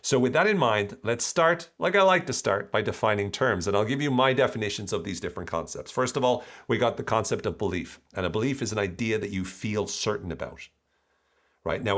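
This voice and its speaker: A man hosting his own podcast, explaining ideas in an enthusiastic, animated solo monologue. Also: on the low side. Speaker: podcast host.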